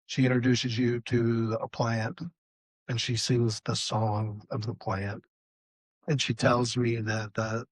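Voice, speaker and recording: Measured man in his sixties, dry sound. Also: medium pitch, no room sound, rough recording. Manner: measured, reflective personal account. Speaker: panelist. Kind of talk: panel talk. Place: conference session room.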